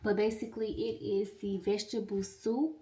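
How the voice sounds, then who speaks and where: A young woman in her twenties talks to her viewers in a relaxed, chatty way as she cooks in her home kitchen. She sits a little back from the microphone, so her voice sounds slightly distant. Her pitch sits in an ordinary middle range for a woman. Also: moderate pace. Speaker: pharmacy student vlogger. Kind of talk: casual chat. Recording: voice a bit far from the mic.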